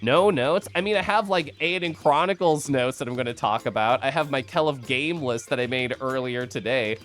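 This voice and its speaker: A man from the Midwest, hoarse, chatting casually and profanely on a livestream. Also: mid-range voice, moderate pace, fairly bright tone. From American Midwest. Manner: loose, profane and chatty with frequent laughs. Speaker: streamer.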